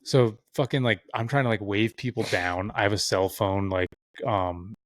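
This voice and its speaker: A young man with a lowish voice tells a winding story in casual podcast chat. He swears freely and puts on the voices of people he quotes. The sound is close and dry, with no room around it. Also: steady tone, normal speed, no echo. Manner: rambling, heavy swearing, acts out quoted voices. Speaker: podcast guest.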